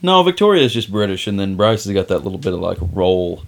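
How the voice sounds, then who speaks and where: Brief: male podcast co-host, lowish voice, halting and thinking aloud. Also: very animated, creaky, a little hiss or hum. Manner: hesitant, restarting, thinking aloud. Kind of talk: casual group chat about a tabletop game.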